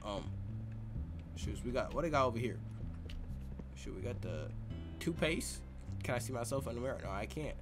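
A man giving excitable, joking gameplay commentary full of slang. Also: medium pitch, normal speed, pauses often, over music. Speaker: gaming youtuber. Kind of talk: let's play commentary.

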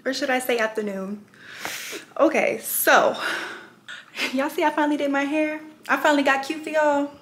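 A woman's voice: high-pitched, steady tone, moderate pace, fairly bright tone. A young woman hosting a casual home vlog, talking straight to her viewers in a chatty, self-deprecating way. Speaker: vlog host. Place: at home indoors. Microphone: handheld camera.

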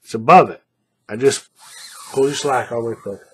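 With a mid-range, somewhat bright voice that has a breathy edge, a man moves at a moderate pace through a paracord bracelet tutorial. He's chatty and repetitive, frequently checking in with "right?" as he demonstrates by hand.

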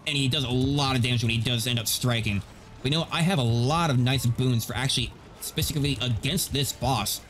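A man giving gameplay commentary as a video host, animated and ranting. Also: mid-range voice, a little fast, a little hiss or hum. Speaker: gaming YouTuber.

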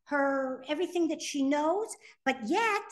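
Animated woman teaching a text class. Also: sits high, unhurried. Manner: animated, reads Hebrew text then translates. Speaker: Torah teacher. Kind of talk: classroom lecture on sources. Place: classroom with students.

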